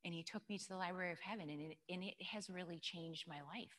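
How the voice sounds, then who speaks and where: She talks fast in a lowish, steady voice with a fairly bright tone. As a church speaker giving an informal teaching talk, she tells stories and poses questions to the audience, recorded with long hall reverb.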